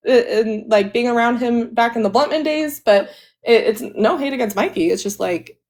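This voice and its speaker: A woman with a fairly high voice speaks in a casual panel chat. She is hesitant, and she stammers and restarts her sentences often. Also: normal speed, a little mellow.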